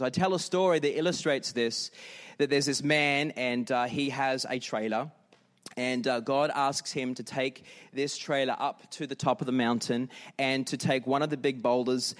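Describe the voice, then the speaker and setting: A man's voice: medium pitch, fairly even intonation, normal speed. A male pastor giving a sermon in a conversational, storytelling way and leading the congregation in earnest prayer.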